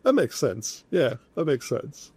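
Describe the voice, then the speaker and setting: A man's voice: a little high, wildly swooping pitch, measured pace, dark tone, slightly rough. A man interviewing a guest, making brief, precise points in conversation.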